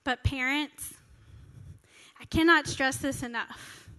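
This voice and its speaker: A woman in her thirties delivers an earnest, conversational sermon to a family congregation. Her voice sits high and bright, and she talks like she's chatting with friends. A long reverb from the church hall trails behind her words. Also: slow. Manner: earnest, conversational, acts out quoted prayers. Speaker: pastor.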